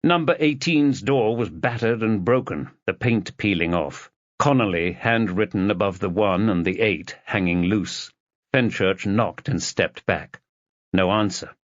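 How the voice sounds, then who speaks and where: A man narrating an audiobook in a steady, measured storytelling voice. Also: fairly low pitch, dry recording, lo-fi sound.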